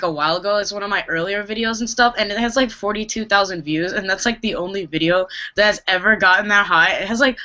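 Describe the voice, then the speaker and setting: A woman's voice: medium pitch, bright, forceful tone. A woman chatting casually on a video call about her reaction channel, with lots of "like". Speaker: K-pop reaction YouTuber, guest. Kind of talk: casual chat. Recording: muffled lo-fi call audio.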